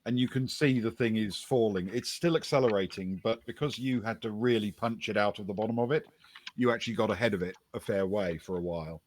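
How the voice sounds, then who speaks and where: Low-voiced man narrating a tabletop game. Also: brisk, a little hiss or hum. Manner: relaxed storytelling, many fillers, chuckles while narrating. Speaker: game master.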